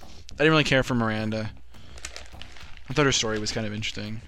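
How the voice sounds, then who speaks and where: A man's voice: lowish voice, fast talker, sharp tone, a little hiss or hum. A man casually chatting about a video game in a laid-back way, often trailing off.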